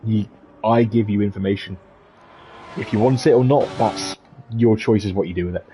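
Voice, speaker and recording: Chatty British race commentator. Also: male voice, on the low side, moderate pace, mellow, slight background noise, low-quality recording. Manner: chatty, jokey, reads out viewer messages. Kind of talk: live solo commentary with chat replies.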